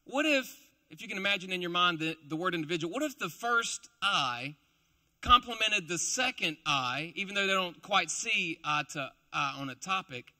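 Preaching to a live congregation at normal speed, this young man has a high-pitched, expressive voice with a sharp tone. A school teacher as well as a preacher, he keeps the sermon light and jokey, full of playful, self-mocking asides.

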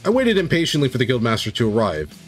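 A man's voice: medium pitch, wildly swooping pitch, fast talker, faint music behind. A man streaming and game-mastering, reading an AI-written tabletop story live and breaking off to react to it.

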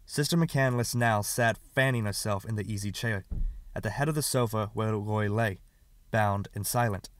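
A man reading a short story aloud as an audiobook narrator, calm and measured. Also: on the low side, no room sound.

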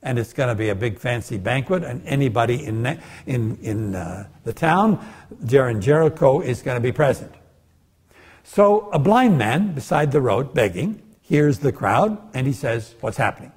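An older man lectures on scripture, with a husky, slightly breathy voice at an ordinary middle pitch. He tells the story like a storyteller, animated and often jumping into the voices of the people he describes. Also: normal speed. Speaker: guest lecturer. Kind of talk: bible lecture.

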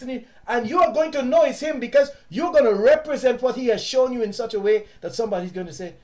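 A man with a southern African accent teaching his audience in an impassioned, preachy way, sometimes loud and sometimes hushed. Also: very high-pitched, fast, hardly any pauses. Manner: preachy, repeats words, shifts from loud to hushed. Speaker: online teacher and host.

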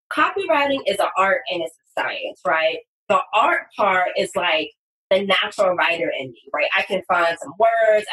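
A woman guest on a podcast, talking about copywriting in an animated, emphatic way with sudden loud bursts. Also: mid-range voice. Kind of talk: casual podcast conversation. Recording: distant, echoey room sound.

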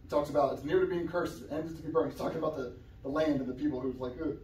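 A young man preaches in an easygoing, conversational way, now and then breaking into loud outbursts. His voice sits a little high. The sound is roomy and echoey, picked up from some distance in a church. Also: rapid-fire, a little hiss or hum. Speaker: guest preacher. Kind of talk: sermon. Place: church sanctuary. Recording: echoey church room, somewhat far from the mic.

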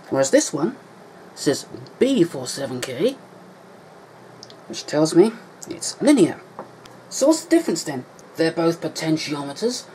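Mellow-voiced man tinkering at a workbench. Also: a little high, slight background noise, rough recording. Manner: rambling, thinks aloud, corrects himself. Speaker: electronics hobbyist. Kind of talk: casual workbench tutorial.

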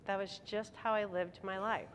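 Animated woman telling a story in a hall. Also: medium pitch, normal speed, a little hiss or hum. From Michigan. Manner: animated, laughing, acts out dialogue. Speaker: convention speaker. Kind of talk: motivational storytelling speech. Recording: hall reverb on a stage talk.

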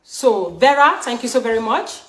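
A woman from Edo State, Nigeria, with a Nigerian English accent hosts a show, talking heatedly and repetitively to her viewers in an emphatic, scolding way. Her voice is on the high side, animated and a bit bright, at a normal speed. The recording has a roomy echo.

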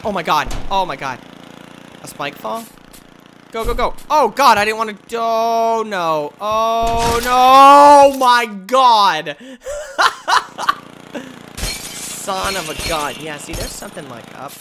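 A man giving excited gameplay commentary, yelping, exclaiming and trash-talking as he plays. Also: medium pitch, very noisy. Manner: excitable, yelps and exclaims loudly; trash-talks the game. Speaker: gamer.

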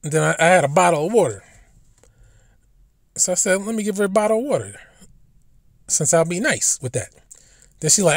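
A man's voice: sits high, lively intonation, moderate pace, long pauses, no room sound. Blunt, profane man rambling in a dry room. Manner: repeats and restarts words. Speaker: commentary channel host. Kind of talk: casual rambling monologue.

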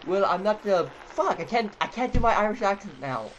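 A man's voice: high-pitched, expressive, fairly quick, highs cut off. A young man giving rambling let's-play commentary as a gaming YouTuber, swearing and yelping when he fails. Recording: loud background noise.

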